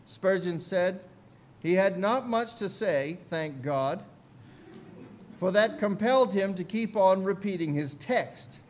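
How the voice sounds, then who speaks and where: A male pastor telling a story in a sermon, deliberate and narrative, building on repeated phrases. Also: high-pitched, animated, slight background noise. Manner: deliberate, narrative, repetitive cadence.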